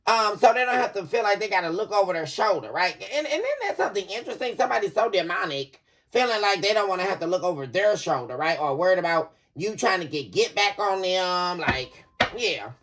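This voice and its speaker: Woman tarot reader, casual and chatty, lively pitch, breaks into laughter. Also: fairly quick. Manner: animated, laughing, addresses viewers as y'all. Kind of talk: casual psychic reading to viewers.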